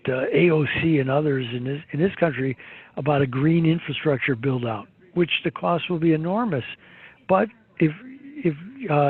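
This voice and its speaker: A man's voice: fairly high pitch, husky, dry recording. A man giving rambling, opinionated market commentary, full of fillers and restarts. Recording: tinny phone-like line.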